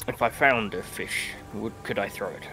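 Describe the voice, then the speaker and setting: A man's voice: on the low side, normal speed, music in the background. A man playing a tabletop game, chatting in a playful, stammering way. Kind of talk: casual chat.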